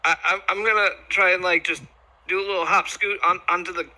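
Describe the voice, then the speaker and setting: A man playing a tabletop game, describing his character haltingly with many restarts. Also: sits high, steady tone, pushed and bright, low-quality recording. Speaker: player.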